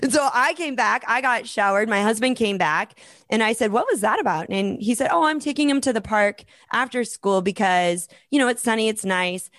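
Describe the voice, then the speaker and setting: A woman's voice: fairly high pitch, normal speed, no room sound, clean studio sound. A woman guest on a podcast, chatting casually and animatedly, telling personal stories. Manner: animated storyteller, quotes family in lively voices. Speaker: podcast guest, storytelling speaker. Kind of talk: casual conversational interview.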